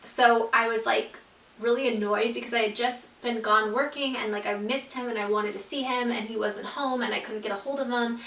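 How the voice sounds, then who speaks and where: A chatty woman tells a personal story straight to camera, sprinkling "like" through every sentence. Her voice sits a little high and sounds bright and forceful. She is recorded from a few feet off in an echoey room. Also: fairly even intonation, brisk, distant mic. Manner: chatty, fills speech with "like", acts out quoted dialogue. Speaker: YouTube storyteller. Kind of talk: casual storytime monologue.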